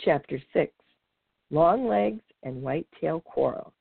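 A woman reads a children's animal story aloud, her pitch leaping and falling with lively expression. Her voice is raspy and gravelly, recorded dry and tinny, like a phone line. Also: measured pace, no echo. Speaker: podcast host reading aloud.

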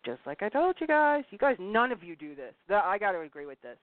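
A woman's voice: lowish voice, big pitch swings, fast talker, hardly any pauses. Blunt, scolding woman on a tinny line. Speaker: talk show host. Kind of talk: casual advice talk. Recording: tinny phone-like dry sound.

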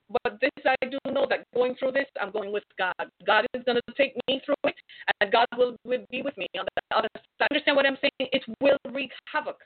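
A middle-aged woman delivers a fervent radio sermon in a high, breathy-husky voice, rising loud and then dropping to a hush. The sound is tinny and phone-like, with no room echo at all. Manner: fervent, preaching, swings from loud to hushed. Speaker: host and preacher.

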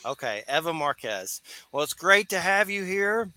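A man's voice: a little high, sing-song, moderate pace, sharp tone, no echo. A man, hosting a radio talk show in a loose, rambling way with easy laughs. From Georgia, US. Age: 40s. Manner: loose and chatty, laughs easily, rambling asides.

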